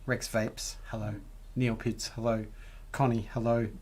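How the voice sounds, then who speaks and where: A man hosting a casual live chat show, rambling and halting with lots of fillers. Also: mid-range voice, flat delivery, a little mellow. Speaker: show host.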